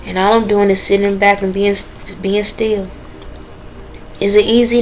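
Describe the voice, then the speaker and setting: A woman talking straight to her viewers in a casual, earnest and preachy way, with relaxed dialect grammar. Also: medium pitch, a little hiss or hum, rough recording. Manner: dialect grammar, drawn-out phrasing. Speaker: vlogger. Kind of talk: casual direct-to-camera talk.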